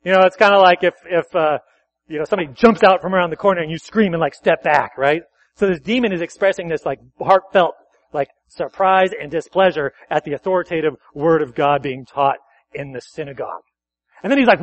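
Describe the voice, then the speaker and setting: A pastor preaching a sermon at a church service, talking conversationally, correcting himself and asking the congregation questions. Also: male voice, fairly high pitch, fairly quick, dry recording, highs cut off.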